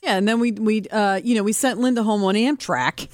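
A woman on a radio show's staff, trading quick, wry comebacks with the host. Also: mid-range voice, dry recording, studio quality. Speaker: radio show staff member. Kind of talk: casual on-air banter.

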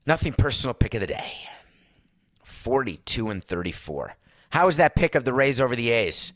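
A man hosting a sports talk show, a former team executive, talking in a rambling, animated, conversational way while seated indoors. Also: medium pitch, normal speed, dry recording, clean studio sound. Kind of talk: casual sports commentary monologue.

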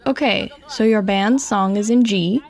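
A woman's voice: medium pitch, a little slow, a little mellow, natural voice. A woman voicing a direct, upbeat Swedish woman who runs a music camp, speaking English with a Swedish accent and a plain, encouraging teaching tone.

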